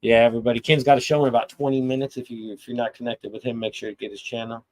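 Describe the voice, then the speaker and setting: A man's voice: mid-range voice, little pitch movement, racing, rough recording. Middle-aged guy ranting on his live stream, swears a lot, blunt, keeps restarting his sentences. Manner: blunt, profane, rambling with restarts. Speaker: host of a live chat stream. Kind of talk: casual livestream rant.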